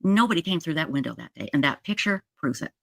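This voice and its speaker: Middle-aged woman, storytelling monologue, animated quoted dialogue, dry close sound. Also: low-pitched, fast talker, gravelly, no echo. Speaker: true crime podcaster.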